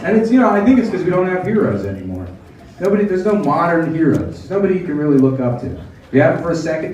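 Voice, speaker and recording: A man's voice: on the high side, very echoey, recorded from a distance, background noise. A man performing a crude, sarcastic stand-up set, riffing and mocking voices. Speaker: stand-up comedian.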